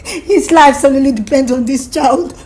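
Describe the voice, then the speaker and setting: A woman's voice: high-pitched, normal speed, mellow, a little hiss or hum, natural voice. A woman playing a tearful pleading wife. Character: guilty pleading wife, mother of two. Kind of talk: dramatized talk-show confrontation.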